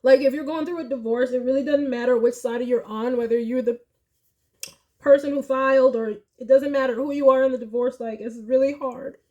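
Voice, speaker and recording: A young woman with a fairly high voice talks casually through a tarot reading to camera. She is openly emotional and tearful, dropping soft and low one moment and rising high and loud the next. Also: fairly even intonation, brisk, muffled recording. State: tearful, crying at times. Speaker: tarot reader.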